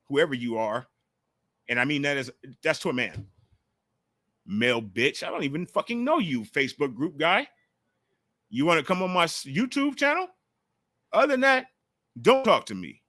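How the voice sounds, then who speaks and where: A man hosting a casual call-in sports talk livestream, talking in an animated, profane way on a close mic. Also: a little high, moderate pace, long pauses, no echo. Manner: animated, profane, jumps into mocking quotes. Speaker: call-in show host.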